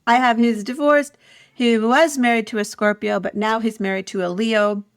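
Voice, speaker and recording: A woman's voice: fairly high pitch, steady tone, moderate pace, clear, resonant tone, no room sound, studio quality. A woman co-hosting a podcast, telling candid stories in casual chat, giggling often and laughing at herself. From Ireland. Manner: giggly, self-deprecating storyteller. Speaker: podcast co-host.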